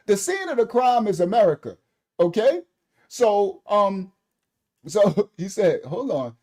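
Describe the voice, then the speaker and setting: A middle-aged man doing casual commentary for online viewers, animated and preachy, laughing often, talking straight to his commenters. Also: sits high, slow, long pauses.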